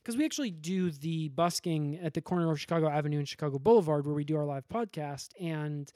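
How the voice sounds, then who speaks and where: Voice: mid-range voice, quick pace, warm tone, no room sound, studio quality. A podcast co-host retelling a story in casual comic banter, rambling and giggling as they go.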